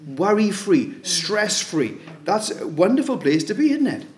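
A man's voice: high voice, very animated, measured pace, darkish tone. A man preaching a sermon in a conversational way, asking his listeners rhetorical questions. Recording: echoey room.

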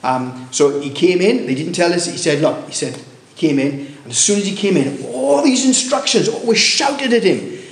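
Halting preacher in an echoey room. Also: male voice, high-pitched, expressive, gravelly. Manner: halting, many restarts, rises when telling of shouting. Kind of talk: sermon storytelling.

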